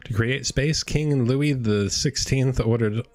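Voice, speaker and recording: A man's voice: medium pitch, takes it slowly, a little mellow, pitched above the performer's own voice, close to an everyday voice. A man voicing a haughty male librarian, lecturing in a condescending way over game music.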